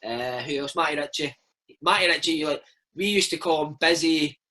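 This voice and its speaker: A Scottish man in his thirties, a former footballer telling stories in a casual interview, animated and peppering his talk with "mate". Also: fairly high pitch, normal speed, low-quality recording. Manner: animated, chatty, keeps saying mate. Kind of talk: casual storytelling chat.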